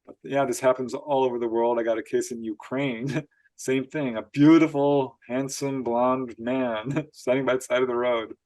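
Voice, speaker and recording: A man guest on an interview show, telling strange stories in an animated way, laughing often and acting out quotes. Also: mid-range voice, normal speed. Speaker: author guest. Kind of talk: storytelling interview.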